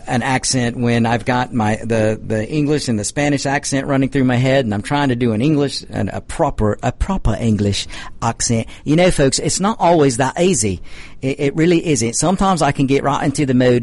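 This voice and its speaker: A man's voice: mid-range voice, a little mellow. Male talk radio host, Southern twang, chatty monologue full of ums and false starts. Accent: American Southern. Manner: rambling, many fillers and restarts.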